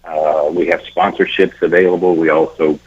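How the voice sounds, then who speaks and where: A man guest on a radio talk show, talking casually and haltingly with many fillers. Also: deep voice, flat delivery, husky. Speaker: event organizer guest. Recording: dull lo-fi radio audio.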